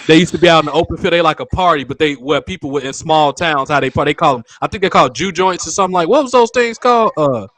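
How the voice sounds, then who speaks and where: A man's voice: a little high, fast talker, few pauses, fairly bright tone. A man hosting a casual talk show, joking and teasing the people around him. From western United States. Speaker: host. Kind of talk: casual chat.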